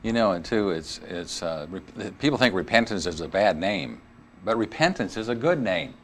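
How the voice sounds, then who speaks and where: Host in agreement, mid-pitched voice, faint background hiss. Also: animated, normal speed, fairly bright tone. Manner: affirming, agreeing. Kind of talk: affirming interjections and commentary.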